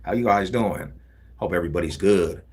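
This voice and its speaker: A man hosting a casual livestream, talking in animated street slang. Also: deep voice, normal speed, breathy edge. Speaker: livestream host.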